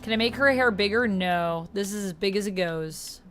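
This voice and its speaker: A woman's voice: medium pitch, normal speed, soft background music. Woman streamer reading game menus aloud. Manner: reads menu options aloud, chats with viewers. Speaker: streamer playing a video game. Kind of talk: casual live-stream commentary.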